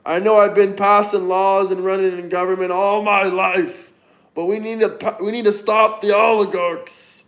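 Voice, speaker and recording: A man's voice: high-pitched, level tone, normal speed, fairly bright tone. A man doing an impression of an elderly politician who rants repetitively against oligarchs. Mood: ranting. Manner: repetitive, preachy ranting.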